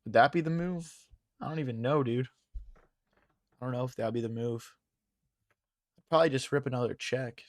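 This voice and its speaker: In relaxed live-stream commentary, a young man works through chess moves out loud and chats with his "guys." His medium-pitched voice moves at normal speed with long pauses and sounds a little worn after hours of talking. The audio is close and dry, with no echo or room around it.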